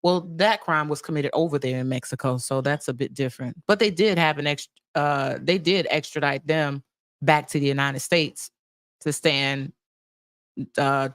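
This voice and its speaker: A woman co-hosting a podcast in casual chat, chatty and often laughing, growing animated as she talks. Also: deep voice, moderate pace, dry recording, studio quality. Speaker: podcast co-host.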